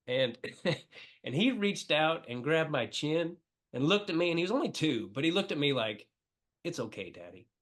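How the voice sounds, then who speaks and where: A man's voice: a little high, animated, normal speed, a bit bright. A middle-aged man from the Midwest, a comedian talking as a podcast guest, telling emotional stories with many fillers. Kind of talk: casual interview chat.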